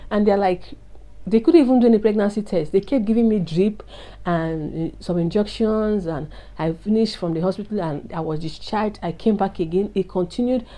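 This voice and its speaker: With a mellow, mid-range voice at normal speed, a woman vlogger tells an emotional personal testimony. She speaks earnestly and confidingly to her viewers, whom she calls "guys."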